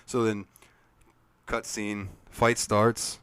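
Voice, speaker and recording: A man's voice: lowish voice, level tone, drawn-out words, a bit bright, clear, resonant tone, dry recording. A man co-hosting a gaming podcast, recapping game scenes in casual, profane chat and laughing often. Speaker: podcast co-host.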